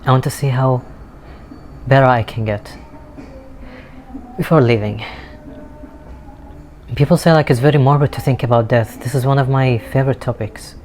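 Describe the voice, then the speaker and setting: Outdoors in a city with street music playing nearby, a man vlogs a candid, emotional monologue about his life, earnest and occasionally swearing. His voice is medium-pitched and a little mellow, at a moderate pace with frequent pauses.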